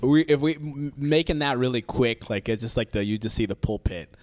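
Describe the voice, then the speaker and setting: A man pitching sketch ideas in a casual brainstorming chat, halting and full of fillers and restarts. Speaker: sketch writer.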